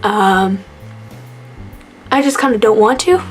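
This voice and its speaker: A woman's voice: a little high, fairly even intonation, measured pace, faint music behind. Tearful young woman, rambling. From Canada. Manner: rambling, laughing through sadness, many fillers. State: emotional, near tears. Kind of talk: tearful tribute vlog.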